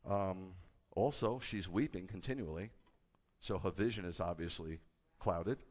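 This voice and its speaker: A man, a rabbi, preaching a sermon with a conversational manner and bursts of loud, emphatic delivery. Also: deep voice, unhurried. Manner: animated, rising to loud emphatic peaks. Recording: hall with long reverb.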